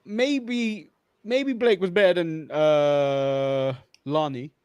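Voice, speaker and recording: London-accented male co-host, high voice, dry sound, blunt and interrupting. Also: steady tone, drawn-out words, a little mellow, clean tone, no echo. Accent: London English. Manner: blunt, cuts in to disagree. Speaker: podcast co-host. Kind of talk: casual wrestling chat.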